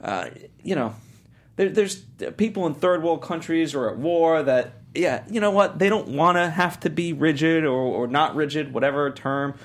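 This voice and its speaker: A man co-hosting a casual discussion, talking in an animated way and restarting his sentences when he gets worked up. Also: a little high, moderate pace. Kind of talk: casual chat.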